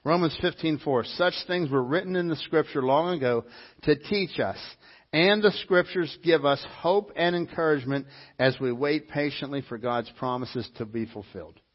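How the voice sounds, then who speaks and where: Male pastor, sermon, husky and slightly high, animated with repeated lines, dull lo-fi recording. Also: moderate pace. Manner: animated preaching with mimicked voices and repetition. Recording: dull lo-fi sound.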